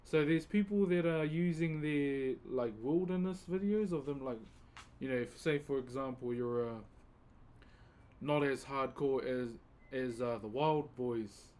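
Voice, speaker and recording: A laid-back New Zealander with a Kiwi accent and a medium-pitched, somewhat dark voice chats unhurriedly with his live-stream viewers. He carves wood as he talks and calls them "bro."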